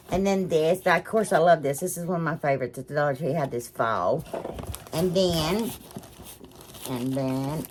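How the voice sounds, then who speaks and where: A woman's voice: low-pitched, background noise. A woman hosting a crafting vlog, gushing and rambling, emotional and close to tears as she thanks her viewers. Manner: gushing, rambling, restarts often. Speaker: craft channel host. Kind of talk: casual crafting chat to viewers.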